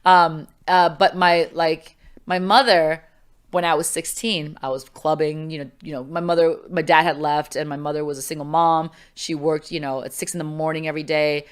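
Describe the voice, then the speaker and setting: This podcast guest, a middle-aged woman, has a smooth, low-pitched voice at normal speed. She chats casually through a personal story, animated, using many fillers and performing the quoted voices.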